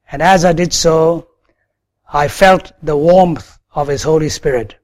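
A man preaching a sermon, telling a personal story as earnest testimony. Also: fairly high pitch.

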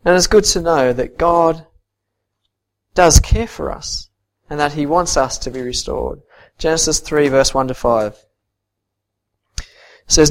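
A man preaching a sermon and reading scripture, earnest, swinging from soft to emphatic. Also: a little high, lively intonation, normal speed.

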